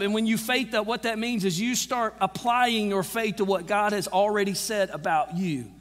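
A man preaching a sermon as pastor, casual and conversational, slowing down for emphasis and acting out Bible quotes. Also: high voice, in a large hall. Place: church sanctuary.

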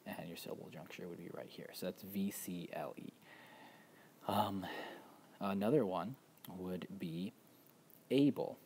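A man teaching a spelling lesson, patiently explaining step by step with frequent pauses and ums. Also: low-pitched, a little mellow, slight background noise. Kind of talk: instructional walkthrough.

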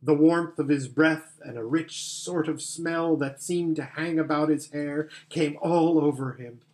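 Slow, gentle male storybook narrator. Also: fairly high pitch. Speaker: audiobook narrator. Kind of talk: scripted narration.

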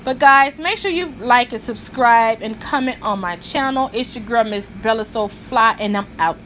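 A woman's voice: on the high side, moderate pace, noisy background. Chatty gossiping woman vlogger. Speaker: vlog host. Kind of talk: casual gossip commentary.

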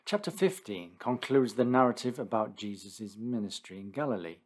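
A man narrating a condensed Bible reading in a steady, deliberate scripted style. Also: on the low side.

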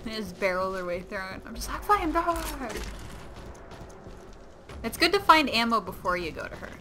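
A young woman giving excitable, giggly let's-play commentary at home while gaming. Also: medium pitch, quick pace. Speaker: gamer. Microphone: webcam or desk mic. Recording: noisy game audio behind.

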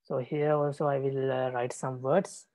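A male monk leads a language lesson at an unhurried pace, repeating example words so students can hold on to them. His speech is halting and gentle, full of small pauses. The sound is dry and close, with no room echo. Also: mid-range voice, level tone. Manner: patient, repeats words, many hesitations. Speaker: Buddhist monk teaching Pali. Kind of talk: classroom teaching.

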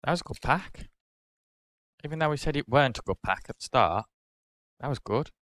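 A British man hosting a card-opening video, casually calling out each card and getting excited over good pulls. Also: mid-range voice, brisk, no echo. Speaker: card-opening channel host.

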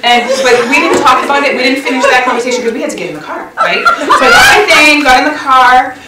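A woman's voice: high-pitched, sing-song, quick pace, very noisy. A middle-aged woman telling a chatty, self-mocking story to a church women's session, laughing often. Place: church hall. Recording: roomy hall sound, mic at a distance.

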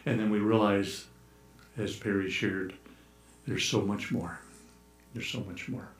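A man preaching a sermon in a church, telling stories with humor and sometimes shouting out playful calls to act them out, then reading scripture aloud. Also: on the low side, steady tone, a little slow, faint music behind. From United States. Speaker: pastor. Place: church sanctuary. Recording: echoey church room.

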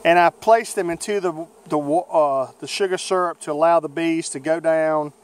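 A man with a Southern American accent, a beekeeper talking through a how-to video outdoors in his bee yard in a folksy, unhurried way with many fillers. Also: on the high side, smooth. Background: buzzing bees.

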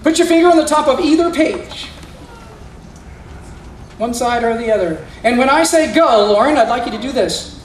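Expressive and very high-pitched, a man speaks at normal speed with frequent pauses, a little hiss or hum in the audio. He plays magician for a school audience, coaxing young volunteers through mind-reading tricks. The echoey recording places him far off in an indoor school gym or room.

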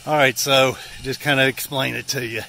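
Breathless Appalachian man, gravelly and bright. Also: medium pitch, fairly even intonation, normal speed. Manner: joking, folksy, rural slang. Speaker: vlogger. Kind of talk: casual on-site narration. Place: outdoor work site.

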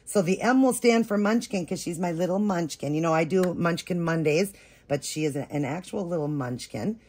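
A husky, somewhat low-voiced woman gushes over an unboxing for her viewers, stretching her exclamations and stacking one after another. She talks in a casual, excited chat style. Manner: gushing, repeats oh my gosh, drawn-out exclamations. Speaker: reborn doll vlogger.

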